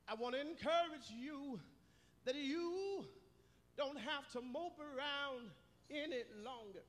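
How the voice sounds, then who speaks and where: A male pastor preaching a sermon in a church, building rhythmic repeated phrases up into shouts. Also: very high-pitched, slow pace. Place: church sanctuary. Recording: long church hall reverb.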